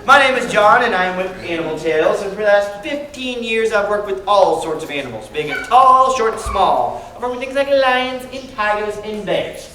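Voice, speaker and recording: A man's voice: high voice, moderate pace, hardly any pauses. Man wrangling a noisy kids' crowd. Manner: lively call-and-response with a crowd of kids. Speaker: animal educator. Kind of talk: live animal show for children. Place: large library room with a child audience. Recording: echoey hall, distant mic, crowd noise.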